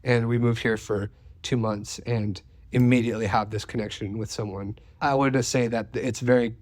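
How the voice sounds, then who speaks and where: A man co-hosting a family podcast, talking in a calm, thoughtful and slightly wistful way. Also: medium pitch, moderate pace, dry recording. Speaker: podcast co-host. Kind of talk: casual conversation.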